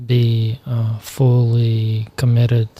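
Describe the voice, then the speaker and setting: A male interviewer with a flat, even delivery and a dark, mellow tone. He keeps his questions brief and calm, steering the conversation. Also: mid-range voice, drawn-out words.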